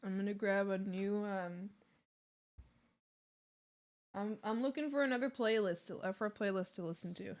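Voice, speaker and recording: A woman's voice: mid-range voice, moderate pace, long pauses. A young woman streaming live, chatting casually and giggling often as she talks to her viewers and to the animals on screen.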